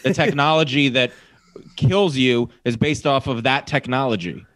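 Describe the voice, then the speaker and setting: A man's voice: medium pitch, moderate pace, fairly bright tone, no room sound, clean studio sound. A man on a podcast, giving strong, joking opinions about films. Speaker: podcast guest. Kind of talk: casual film discussion.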